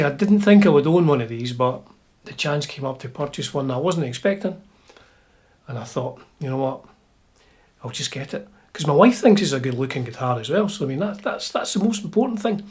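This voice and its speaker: A Scottish man with a husky, slightly breathy voice at a middling pitch. He talks about guitars in a relaxed, chatty way. He is wry and drops into quiet asides under his breath. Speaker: guitar channel host. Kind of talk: casual chat.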